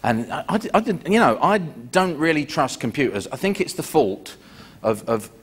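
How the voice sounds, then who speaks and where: A British stand-up comedian telling rambling, conversational stories onstage. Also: male voice, a little high, very animated, normal speed, slightly rough. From Britain. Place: live comedy venue. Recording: live show with background noise.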